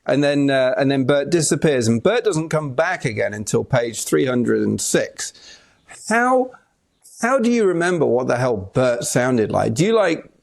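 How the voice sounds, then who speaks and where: Lively gravelly British-born host. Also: male voice, medium pitch, measured pace. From Britain. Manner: laughs often, teasing and encouraging. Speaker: podcast host. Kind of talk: casual interview chat.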